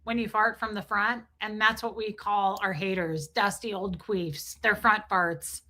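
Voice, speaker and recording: A woman in her forties hosts a live stream, speaking in a medium-pitched, unhurried voice. She chats casually and crudely, joking animatedly as she reads viewer comments aloud.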